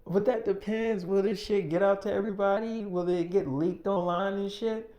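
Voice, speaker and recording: A man quoting a blunt, curious young girlfriend in his own mellow voice as he tells a story. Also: high voice, fairly even intonation, moderate pace, dull audio, lightly acted. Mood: wary. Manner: blunt, questioning.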